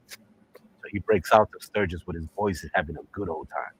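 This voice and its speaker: A man's voice: deep voice, a little fast, husky. A man telling a long, profane joke in casual live-stream chat, laughing as he goes. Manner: animated, profane storytelling with laughter.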